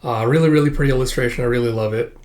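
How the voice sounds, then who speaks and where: A man's voice: mid-range voice, rapid-fire, a little mellow. A man hosting a casual manga read-through, rambling with many fillers and frequent chuckles. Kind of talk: casual reading commentary.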